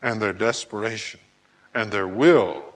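A man preaching a sermon who acts out scripture scenes in lively voices, at times hollering. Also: on the low side, measured pace. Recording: long hall reverb.

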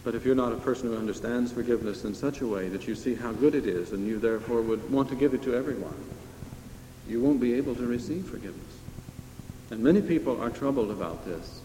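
A man's voice: medium pitch, mellow, a little hiss or hum. A man preaching a sermon in a conversational, emphatic way, asking his listeners questions. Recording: echoey hall with long reverb.

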